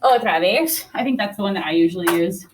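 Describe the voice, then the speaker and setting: A woman's voice: medium pitch, expressive, quick pace, background noise. A woman teaching a Spanish class, upbeat, quizzing students and sprinkling Spanish words into her talk.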